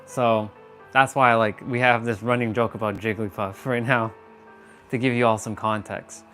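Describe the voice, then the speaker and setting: On a phone or laptop mic, a man hosts a relaxed motivational livestream, rambling to his chat and playing with words. His voice leans low, steady and slightly bright at a moderate pace, with faint music behind.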